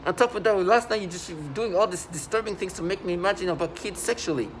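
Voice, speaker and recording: Agitated man ranting in a halting voice. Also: high voice, a little hiss or hum. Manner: agitated, indignant, halting with many restarts. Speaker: vlogger. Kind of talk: rambling monologue to camera.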